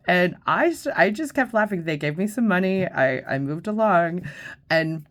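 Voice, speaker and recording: A woman's voice: mid-range voice, expressive, unhurried, fairly bright tone. A middle-aged woman host telling a story in a casual, profane, chatty way, full of fillers and laughs. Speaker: vlogger host.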